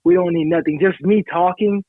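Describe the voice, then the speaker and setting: A man's voice: high-pitched, fairly even intonation, a little fast, dry recording. Man on a tinny line. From Haiti. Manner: self-assured, explains at length. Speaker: podcast co-host. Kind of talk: casual podcast chat. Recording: tinny phone-like sound.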